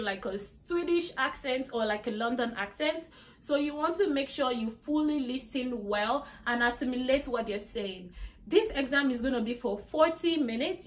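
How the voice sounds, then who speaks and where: A young woman giving exam tips in a chatty vlog, with lots of "like" and "you know". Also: high-pitched. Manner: chatty, repeats "like" and "you get me". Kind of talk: casual talk to camera.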